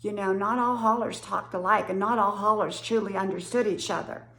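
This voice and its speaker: A woman's voice: mid-range voice, fairly even intonation, fairly quick, a bit bright, echoey room. A woman in her sixties from West Virginia with an Appalachian accent, chatting casually to camera in a folksy way and laughing often. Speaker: vlogger.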